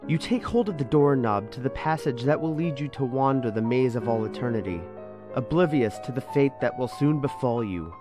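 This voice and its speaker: A man narrates in a grand, foreboding horror-storyteller voice. His pitch sits in an ordinary middle range. Faint music plays behind him. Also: expressive, moderate pace. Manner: booming ominous narrator voice that turns flustered. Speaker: narrator in a comic audio story.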